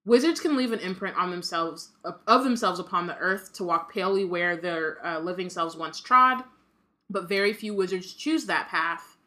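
Woman reading as a sad old ghost guy, formal and slow, bright voice. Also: lowish voice. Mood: wistful.

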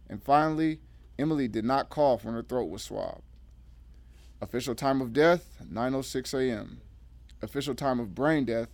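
A man reading a thriller aloud with dramatic, expressive narration. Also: mid-range voice, creaky, dry recording.

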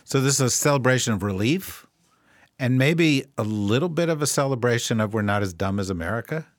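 A man's voice: mid-range voice, animated, brisk, no echo, clean studio sound. A man hosting a political podcast in casual chat, wry and joking, rambling through his points. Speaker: podcast host.

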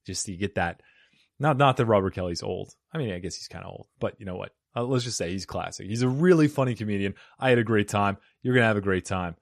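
A man hosts a comedy podcast from a home studio in Arizona, speaking casually into a studio microphone as he opens the show and chats. His voice is fairly low with vocal fry and a fast pace, recorded with no echo, and he jokes at his own expense.

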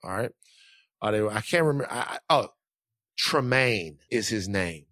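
A man telling a story in casual chat, animated and acting out other people's lines in shifting voices. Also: lowish voice, normal speed, dry recording, clean studio sound.

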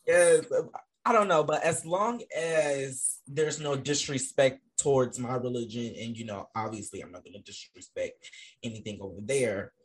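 Husky, hesitant podcast co-host. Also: male voice, mid-range voice, moderate pace. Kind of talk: casual podcast chat.

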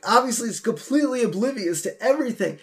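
A man's voice: extremely high pitch, fast, crowd noise. A man co-hosting a podcast, chatting casually and animatedly as he recaps a cartoon episode, slipping into quoted lines. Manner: animated, quotes lines in a put-on voice, trails off into fillers. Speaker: podcast co-host.

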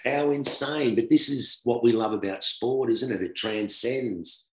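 A middle-aged Australian man, a former cricketer, telling a long anecdote in a casual, animated way, often laughing. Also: mid-range voice, a little slow. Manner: animated, laughing storyteller who acts out quoted voices. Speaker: former cricketer, guest storyteller. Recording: roomy echo.

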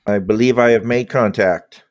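A man voicing a calm male ship AI computer that makes flat, formal announcements. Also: lowish voice, normal speed, dry recording, close to an everyday voice.

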